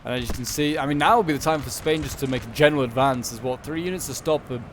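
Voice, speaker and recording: A man giving relaxed, unscripted commentary on a strategy game battle, thinking aloud with frequent pauses. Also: mid-range voice, noisy background.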